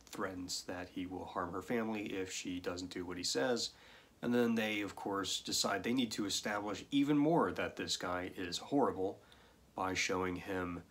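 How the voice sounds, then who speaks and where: A man reviewing a film casually recounts its story, dropping in wry, sardonic remarks along the way. He talks at an unhurried, deliberate pace in a somewhat low voice with a fairly bright tone.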